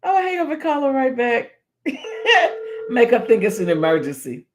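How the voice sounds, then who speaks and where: A woman's voice: fairly high pitch, sing-song, normal speed. A woman hosting a casual livestream chat, playful and teasing, laughing often as she talks to her viewers. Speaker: livestream host.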